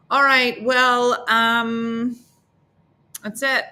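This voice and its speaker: A middle-aged woman talks slowly and sharply on her casual live morning show, with a faint hiss or hum in the audio. She teases her viewers playfully and breaks into high, silly voices when mimicking others.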